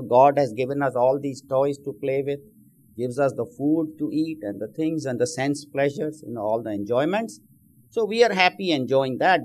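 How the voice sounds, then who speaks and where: Casting note: male spiritual teacher, mid-pitched, casual storytelling with frequent asides. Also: darkish tone. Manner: conversational storytelling, frequent "you know". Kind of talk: spiritual discourse.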